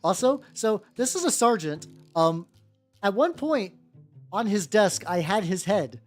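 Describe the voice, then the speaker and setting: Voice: medium pitch, big pitch swings, a little slow. A live streamer chatting casually while painting miniatures, rambling loosely, swearing freely and greeting viewers by name over and over. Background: faint background music.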